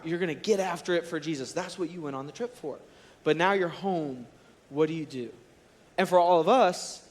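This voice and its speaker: A man in his thirties, a college and students director, preaches in a large church auditorium. He tells stories in a lively, conversational way, and his voice sits on the higher side for a man. A long reverb trails each phrase through the hall. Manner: storytelling, animated and conversational. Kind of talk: sermon.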